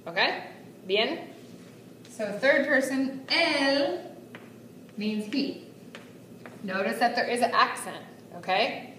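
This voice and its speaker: A woman's voice: mid-range voice, a bit bright, slight background noise. A woman teaching a Spanish class at a whiteboard in a chatty way, often checking in with her students. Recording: echoey room from far off, faint ambience.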